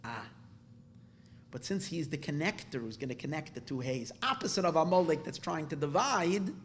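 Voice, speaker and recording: Gravelly-voiced rabbi lecturing with excitement. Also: male voice, a little high, moderate pace, slight background noise. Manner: animated, excitable, repeats words and restarts, mixes in Hebrew terms. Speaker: rabbi teaching a class. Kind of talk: Torah class lecture. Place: live class in a room.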